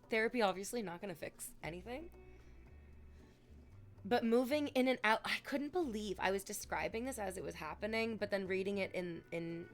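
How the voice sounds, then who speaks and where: A woman streamer telling long candid stories to her chat, rambling and swearing, with sudden dramatic swells. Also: medium pitch. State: sick.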